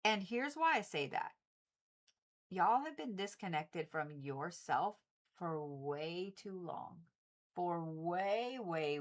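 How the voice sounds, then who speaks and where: A woman hosting a livestream, chatting casually and repetitively with viewers and swearing freely. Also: fairly low pitch. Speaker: livestream host reading zodiac forecasts.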